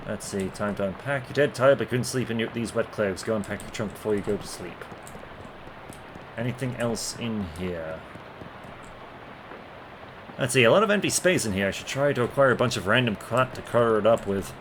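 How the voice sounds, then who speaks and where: A man's voice: fairly low pitch, expressive, normal speed, long pauses, background noise. Man casually reading game text. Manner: reads game text aloud, stumbling on words. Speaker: gameplay commentator. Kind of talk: casual let's play commentary.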